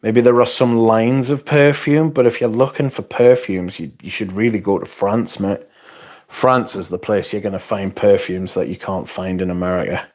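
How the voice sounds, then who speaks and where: A man's voice: lowish voice, fairly even intonation, moderate pace, darkish tone. A British man hosting a casual livestream, reading chat and answering in a blunt, sarcastic, sweary way.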